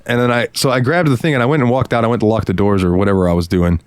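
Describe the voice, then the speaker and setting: A young man from Florida, co-hosting a podcast, telling an animated story and swearing freely. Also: lowish voice, racing, clear, resonant tone, no room sound. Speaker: podcast co-host. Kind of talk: casual storytelling.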